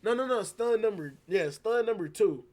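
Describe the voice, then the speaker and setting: A young man with a noticeably high voice tells a story to his stream. He talks in loose, slangy, rambling bursts and throws himself into replaying every exchange. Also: moderate pace. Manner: slangy, rambling, animated retelling. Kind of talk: casual storytelling. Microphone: streaming setup microphone.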